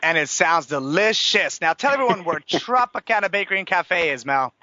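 Fast-talking bright-voiced male radio host. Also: high-pitched, no echo, dull audio. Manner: energetic, chatty, plugging sponsors. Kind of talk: upbeat radio talk show hosting.

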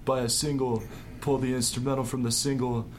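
A man talking as a rapper guest, relaxed and reminiscing. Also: medium pitch, fairly quick, slight background noise. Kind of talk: casual storytelling.

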